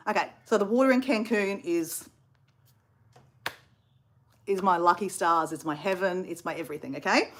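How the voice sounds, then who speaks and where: A woman's voice: mid-range voice, normal speed, long pauses, a bit bright. An Australian woman in her fifties telling a travel story in a chatty way, full of asides to viewers. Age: 50s.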